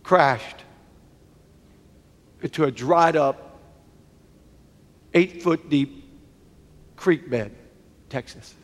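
High-voiced preacher in a big hall. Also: male voice, very slow, long pauses. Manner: emotional, swells from hushed to near-shouting. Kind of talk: sermon storytelling. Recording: long hall reverb.

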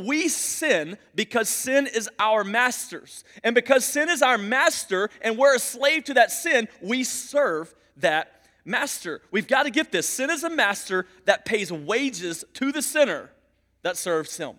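A male pastor preaching a sermon in a church, emphatic and repetitive, dropping to a hush and then building loud. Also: extremely high pitch, big pitch swings, unhurried. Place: church sanctuary. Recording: long reverb of a large hall.

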